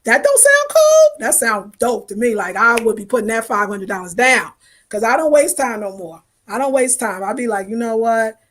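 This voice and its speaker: A woman's voice: on the high side, moderate pace, fairly bright tone. A woman in her fifties hosting a lifestyle livestream, chatting casually and animatedly with viewers in slang. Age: 50s. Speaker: lifestyle channel host.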